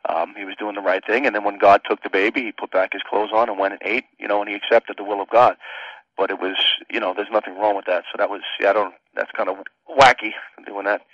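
A man's voice: fairly low pitch, steady tone, fast talker, no echo, highs cut off. A man co-hosting Christian radio talk, earnest and reasoning aloud.

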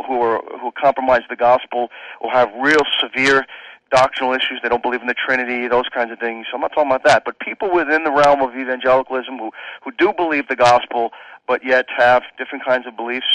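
A man's voice: mid-range voice, fairly bright tone, no room sound, dull audio. A man with a mid-range voice, talking as a pastor on a call-in radio program. He speaks earnestly and loosely, leaning on "you know" and restarting his phrases. The sound is dry and close. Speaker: pastor and guest. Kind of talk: casual radio conversation.

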